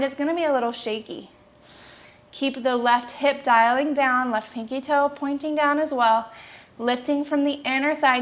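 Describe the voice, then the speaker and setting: A young woman with a high, light voice leads a yoga flow, giving calm and steady cues from pose to pose. She practices along with the class and sounds a little winded between instructions. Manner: calm, steady instructional cueing with brief asides. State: slightly out of breath.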